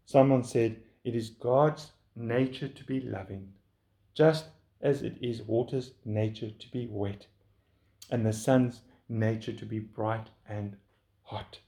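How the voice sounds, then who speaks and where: A man preaching a sermon at an unhurried, deliberate pace, with a mid-range voice. His delivery is earnest and pleading, and his pitch rises when he urges his listeners on. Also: fairly even intonation, creaky, dark tone.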